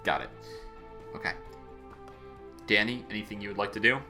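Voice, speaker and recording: A man narrating as game master of a tabletop game, casual and halting, with frequent ums. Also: fairly low pitch, lively intonation, music in the background.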